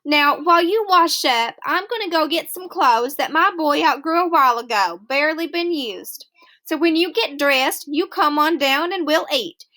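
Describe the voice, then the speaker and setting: Woman doing a high bright mom type, fussy and kind, scolds her dad. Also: expressive, normal speed. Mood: gentle. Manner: fussing, scolding then coaxing. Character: motherly woman, fussing and caring.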